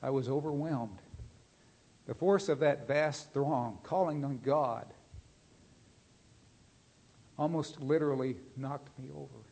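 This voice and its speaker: An earnest man preaching, with a voice of ordinary middle pitch. He reads a moving story and talks plainly to his listeners, often letting his voice sink soft and low for weight. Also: takes it slowly, vocal fry, long pauses, husky. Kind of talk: sermon with read-aloud story.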